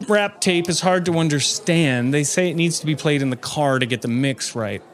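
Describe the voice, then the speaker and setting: A man's voice: on the high side, moderate pace, slight background noise. Man doing a mock-serious comedy countdown. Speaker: comedy podcast host. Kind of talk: improvised comedy podcast.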